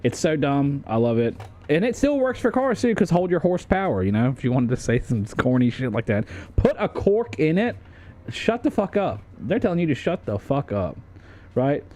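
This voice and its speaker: A man's voice: medium pitch, big pitch swings, brisk, a little mellow. A young man streaming, chatting casually in a jokey, profane way.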